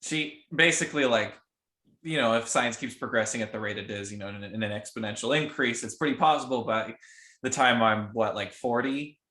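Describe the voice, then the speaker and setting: A man's voice: medium pitch, fairly quick, sharp tone, echoey room. A young man co-hosting a podcast with his mother, reflecting in casual chat with many "you know"s and "like"s. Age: young adult. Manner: thoughtful, lots of fillers. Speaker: podcast co-host, son.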